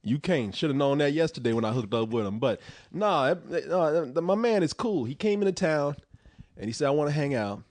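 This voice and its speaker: On a talk show, a man tells a rowdy story in casual chat, swearing freely and laughing along at his own tale. His voice runs a little high and fairly quick, and the storytelling is profane and animated.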